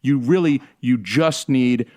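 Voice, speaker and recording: A man competing on a comedy podcast panel, giving a profane, mocking, fast-riffing rant. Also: mid-range voice, dark tone, no room sound, studio quality.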